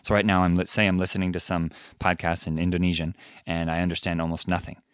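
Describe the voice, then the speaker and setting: A man's voice: low voice, little pitch movement, fast talker, clear, resonant tone, no room sound, studio quality. A man co-hosting a podcast, explaining ideas through everyday examples and laughing easily. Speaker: podcast co-host. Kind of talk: casual podcast conversation.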